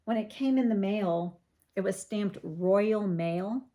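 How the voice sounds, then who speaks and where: A woman's voice: mid-range voice, slow pace, mellow. A middle-aged woman from Virginia chatting casually as she shows crafts on her vlog, gushing, with frequent ums. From Virginia, USA. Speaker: craft vlogger. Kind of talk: casual show-and-tell vlog.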